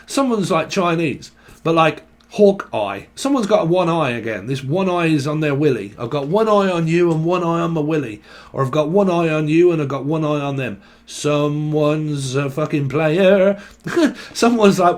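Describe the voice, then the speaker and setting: A young man gives a casual, off-the-cuff tarot reading, channelling through rambling word associations, crude jokes and frequent laughter. His voice is fairly high with a darkish tone, at a moderate pace.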